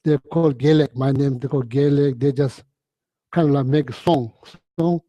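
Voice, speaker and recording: Halting man with a husky mellow voice. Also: mid-range voice, fairly even intonation, dry recording, poor audio. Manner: halting, repeats phrases, frequent throat clearing, non-native English. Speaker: Buddhist teacher. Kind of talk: informal dharma talk.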